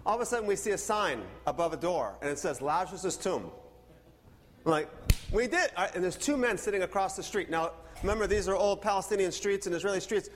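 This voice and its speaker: High-voiced pastor guy telling stories in his sermon, big echoey room. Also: quick pace, hardly any pauses. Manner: animated storyteller, acts out dialogue. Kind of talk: sermon with personal storytelling.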